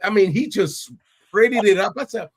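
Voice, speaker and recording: A middle-aged man from New York, a podcast guest telling his stories in casual, animated talk, often laughing and acting out voices. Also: high voice, normal speed, slightly rough. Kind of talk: casual interview storytelling.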